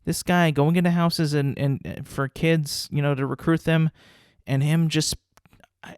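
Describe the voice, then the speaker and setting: A young man rambling through a solo podcast monologue, profane and incredulous, his voice sitting a bit high. The sound is close and dry. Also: no echo. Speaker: podcast host.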